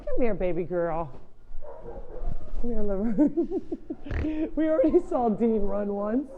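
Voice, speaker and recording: A woman's voice: mid-range voice, expressive, slow pace. A woman hosting a live farm sanctuary stream, chatting casually while she coaxes animals and explains barn chores. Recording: muffled lo-fi audio with faint noise.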